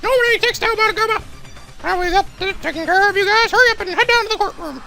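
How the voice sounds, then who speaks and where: A man's voice: very high voice, fast talker, gravelly, sharp tone, soft background music, pitched above the performer's own voice, heavily acted. A man voicing a gleeful, mischievous male robot bear headmaster in a sing-song, teasing way while reading game lines aloud. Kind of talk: video game voice-over reading.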